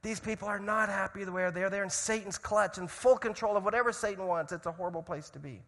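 A man preaching a sermon, telling a story dramatically and swinging from loud shouts to hushed tones. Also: high-pitched, quick pace, in a large hall.

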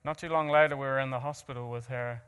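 A man's voice: mid-range voice, steady tone, quick pace, a bit bright, smooth, in a large hall. A man from New Zealand with a New Zealand accent, earnestly telling an audience his personal story with self-mocking asides and frequent restarts. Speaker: guest speaker.

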